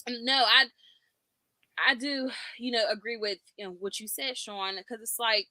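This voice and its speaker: A woman with a bright, sharp voice co-hosting a podcast in casual chat. She keeps dropping in "you know" as she talks, and the sound is close and dry. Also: a little high, measured pace, no echo. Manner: chatty, peppers talk with "you know". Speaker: podcast co-host.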